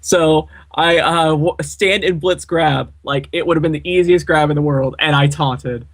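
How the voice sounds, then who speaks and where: A man casually commentating over a replay of his team's online game, relaxed, dry and self-mocking. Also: on the high side, normal speed. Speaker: gaming channel co-host.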